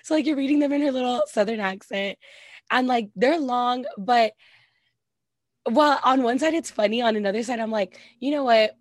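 Woman co-host, casual gossip, animated delivery, dry mic. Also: a little high, moderate pace, no room sound. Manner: animated, says "like" a lot, acts out quoted reactions. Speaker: podcast co-host. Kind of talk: casual celebrity gossip chat.

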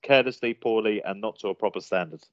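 A man's voice: on the low side, fast, no echo. A man from England co-hosting a casual podcast, reading list items aloud and laughing often. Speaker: podcast co-host. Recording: dull lo-fi sound.

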